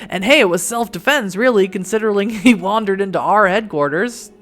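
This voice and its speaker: A woman voicing a cruel, brutish male werewolf thug who taunts slowly and mockingly. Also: mid-range voice, close to an everyday voice. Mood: sneering. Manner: mocking, sneering, drawn-out taunts.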